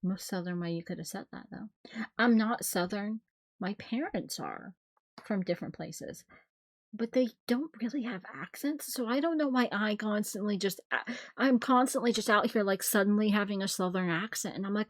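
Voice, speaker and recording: A woman streamer reacts casually on a live stream, swinging between hushed remarks and bursts of loud, animated exclamation. Her voice sits in a middle range and sounds dry and close to the mic. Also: mid-range voice, normal speed, no room sound. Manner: expressive, swearing, laughing often.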